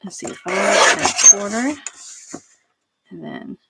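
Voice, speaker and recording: A woman's voice: medium pitch, lively intonation, slow, creaky, very noisy. A middle-aged woman hosting a craft video, chatting casually and laughing at herself while she works at home. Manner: chatty and self-deprecating, laughs often. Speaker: craft channel host.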